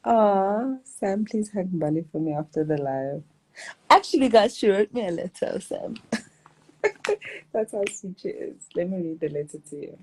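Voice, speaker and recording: A woman's voice: medium pitch, very animated, a little slow, darkish tone, a little hiss or hum, low-quality recording. A young South African woman hosting a casual phone livestream at home, chatty and laughing often, drifting between English and Zulu. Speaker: livestream host.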